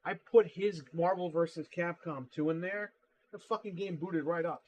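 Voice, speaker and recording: A man's voice: high-pitched, normal speed, a little mellow, rough recording. A man hosting a casual livestream, telling blunt, profane, exasperated stories about customers. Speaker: livestream host and console repair seller.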